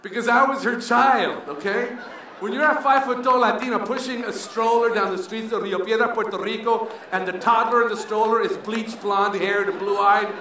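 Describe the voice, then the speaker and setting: Man from Colombia, stand-up comedian, animated and punchy, very high voice, live audience. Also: normal speed, a faint crowd. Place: comedy club stage. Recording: echoey live club, distant mic, audience.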